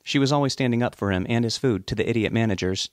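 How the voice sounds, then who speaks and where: A man narrating a novel in a steady, even audiobook reading. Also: medium pitch, fast, dry recording, clean studio sound.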